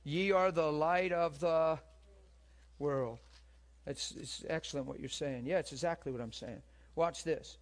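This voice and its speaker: A man preaching to a gathered room, spinning a story and checking in with his listeners again and again. His voice sits a little higher than most men's. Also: unhurried. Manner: storytelling, asks the room questions. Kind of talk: sermon. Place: room with a live audience.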